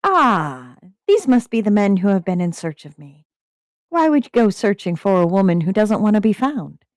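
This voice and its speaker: A woman's voice: medium pitch, very animated, normal speed, dry recording, clean studio sound, pitched above the performer's own voice, lightly acted. Woman voicing a haughty young lady, formal, articulate, prim, storybook reading.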